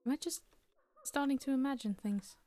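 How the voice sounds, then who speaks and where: A woman's voice: sits high, normal speed, mellow. A woman giving casual, jokey commentary while playing a horror game, talking to the characters on screen. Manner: chatty, jokey, talks to the game. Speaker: let's play streamer.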